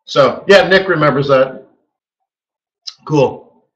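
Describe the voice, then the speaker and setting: A man hosting a live trading webinar, telling a story in a casual, animated way and acting out quotes with a chuckle. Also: a little high, slow pace, lo-fi sound. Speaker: forex market strategist hosting a live webinar.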